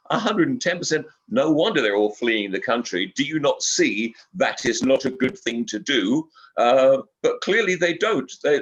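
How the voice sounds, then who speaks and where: An older man, a guest speaking in casual interview chat. He rambles, repeating words and filling pauses as he goes. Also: mid-range voice, a bit bright. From England. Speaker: guest broadcaster. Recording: slightly dull lo-fi audio.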